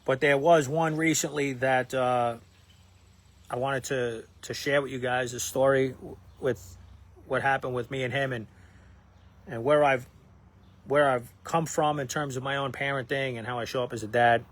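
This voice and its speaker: A man's voice: mid-range voice, steady tone, normal speed. A man in his thirties, a dad who makes parenting videos, telling a personal story in a casual, rambling way with lots of fillers and restarts, acting out what people said. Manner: rambling, many fillers and restarts, acts out quoted lines. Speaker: parenting content creator.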